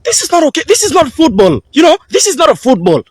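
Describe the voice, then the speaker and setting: A man's voice: very high voice, huge pitch swings, fast talker. A man from Tanzania, furiously ranting in a video, swearing and repeating his accusations. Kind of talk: angry video rant.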